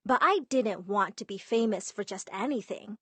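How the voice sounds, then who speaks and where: A young woman narrating an animated story in a lively, emphatic way. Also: mid-range voice, normal speed, breathy edge, no room sound.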